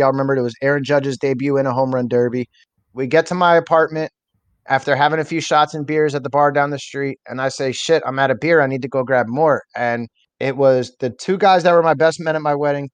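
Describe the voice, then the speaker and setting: A man's voice: fairly high pitch, clean tone, dry recording. Man, young adult, interview guest, rambling candid storytelling, dry close sound. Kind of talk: personal story in a podcast interview.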